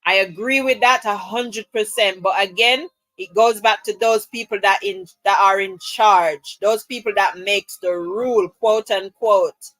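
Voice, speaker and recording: Slow, bright-voiced woman hosting a live chat. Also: medium pitch, no room sound, low-quality recording. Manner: teasing and chatty, laughs often. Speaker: livestream host. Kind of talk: casual live chat reading viewer comments. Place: at home, camera off.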